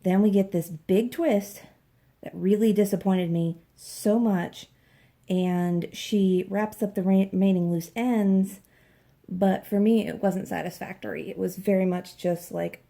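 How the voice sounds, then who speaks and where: A woman's voice: medium pitch, fairly even intonation, unhurried, gravelly, dark tone. A woman doing a casual book wrap-up vlog, chatty and candid. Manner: chatty, candid, occasional swearing. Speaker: book vlogger.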